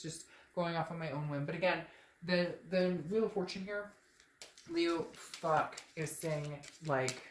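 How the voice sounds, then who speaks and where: A woman's voice: low voice, roomy sound, slight background noise. A woman giving a casual tarot reading, rambling, joking and blunt, swearing freely as she goes. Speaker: tarot reader.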